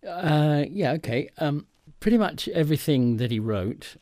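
A man's voice: fairly high pitch, lively intonation, normal speed, warm tone, no echo, studio quality. An older man, a theatre director and actor, explaining verse rhythm in a radio interview, thoughtful and demonstrating the beats aloud. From trained in England.

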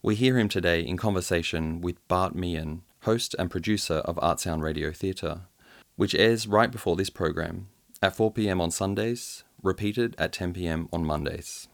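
A radio host with a deep voice reads a scripted introduction. His delivery is measured and formal. The studio sound is close and dry. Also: vocal fry, no room sound.

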